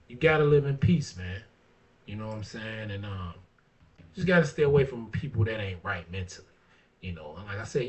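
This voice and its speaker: A man hosting his own talk show, speaking in a blunt, profane way, filling his talk with "man" and swinging from low mutters to heated rants. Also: distant mic. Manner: blunt and profane, fillers of "man" and "you know what I'm saying". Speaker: barber and show host. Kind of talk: casual talk monologue. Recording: dull lo-fi sound, speaker off-mic.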